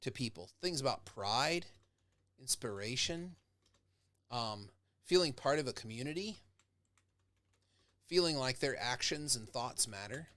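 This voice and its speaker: A man's voice: mid-range voice, animated, measured pace, long pauses, a bit bright, no room sound. A man, a professor, giving a casual lecture. He talks conversationally and acts out example speakers with growing intensity.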